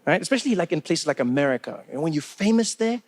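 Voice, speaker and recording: A man in his thirties with a South African accent, telling stand-up stories. He talks in a chatty, loose way, full of "you know"s, and his voice sits fairly high. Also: big pitch swings, fast talker. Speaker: stand-up comedian. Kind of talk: stand-up comedy storytelling.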